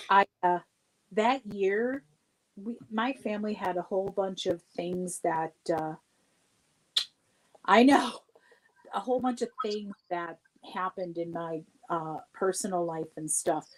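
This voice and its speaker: A woman's voice: mid-range voice, a little mellow, low-quality recording. Chatty, laughing woman guest. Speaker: livestream guest. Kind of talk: casual livestream chat.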